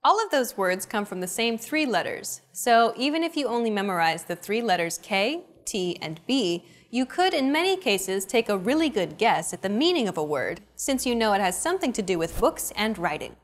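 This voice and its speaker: A woman's voice: medium pitch, sing-song, moderate pace, hardly any pauses. A young adult woman hosting a language lesson, with a scripted, upbeat coaching delivery.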